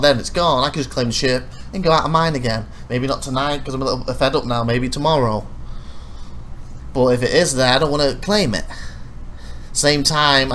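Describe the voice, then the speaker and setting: A let's play host talks casually over his own gameplay footage, rambling, correcting himself, and growing animated as he recounts his frustrations. His voice sits in the mid range, with a little background noise in the recording.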